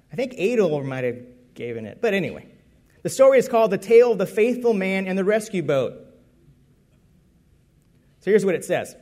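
A man from the United States preaching a sermon, telling a story in a conversational, lively way. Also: sits high.

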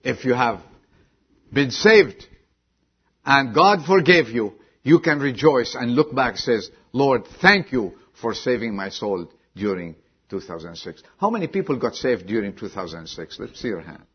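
A man preaching a sermon, dropping low and quiet, then bursting out loud and high, and asking the congregation direct questions. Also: big pitch swings, unhurried, husky, lo-fi sound. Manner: swings from low quiet lines to sudden loud high exclamations. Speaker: pastor.

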